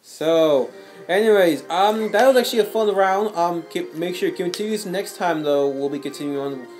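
A man's voice: high-pitched, moderate pace, darkish tone, soft background music. A young man hosting a casual gaming video with a friend, rambling and often repeating his filler words. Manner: rambling, repeats "though" and "anyways". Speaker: channel host and gamer.

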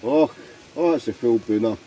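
A man with a Scottish accent chatting casually with friends while cooking at a wild camp, animated and joking. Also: medium pitch, moderate pace, a little hiss or hum. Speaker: vlogger, wild camper. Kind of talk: casual camping vlog chat. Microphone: handheld camera.

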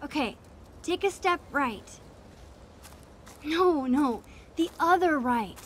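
An actress voicing a gentle, shy young teenage girl who speaks softly and sometimes whispers. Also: sits high, animated, extremely slow, slight background noise, exaggerated voice. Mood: guiding. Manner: soft-spoken, sometimes whispering.

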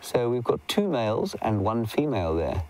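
A man's voice: medium pitch, sing-song, moderate pace, darkish tone, poor audio. A man working as a safari guide, giving chatty, enthusiastic live wildlife commentary outdoors and answering viewer questions. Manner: chatty, enthusiastic, drops to a whisper at times. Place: outdoors in the bush.

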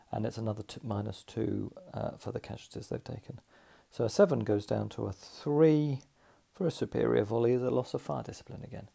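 A man works through a tabletop battle roll by roll, thinking aloud as he tallies the results. His voice is deeply gravelly and husky, with a dark, mellow tone. He talks in an unhurried, methodical way. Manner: methodical, thinks aloud while tallying dice rolls. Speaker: tabletop wargame player narrating a solo game. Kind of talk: casual play-by-play narration.

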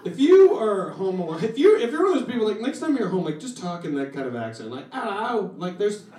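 Male comic on stage, excitable, lively swooping voice, echoey club, big crowd laughing. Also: high voice, fast talker. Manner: excitable, animated, laughs at own bits. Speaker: stand-up comedian. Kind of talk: stand-up comedy set. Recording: roomy club sound, distant mic, audience laughter.

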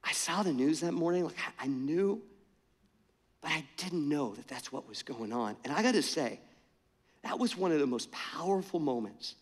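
High-voiced pastor telling a story in a hall. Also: male voice, normal speed, slightly rough. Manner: animated, self-mocking, conversational. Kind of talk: storytelling sermon. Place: church sanctuary. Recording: church hall reverb.

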